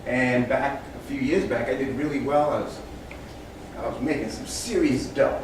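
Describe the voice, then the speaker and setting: A man's voice: mid-range voice, normal speed, background noise. A man giving a motivational talk to a small live group, telling animal stories and acting out the animals' voices with big shifts in energy. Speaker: motivational speaker. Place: room with a small audience. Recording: echoey room, speaker far from mic.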